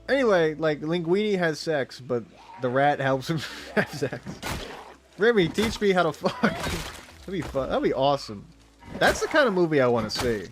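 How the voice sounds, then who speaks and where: A man's voice: fairly high pitch, big pitch swings, normal speed, over music. A young man streaming a game, chatting in a rambling, crude, giggly way. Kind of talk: casual chat while streaming a game.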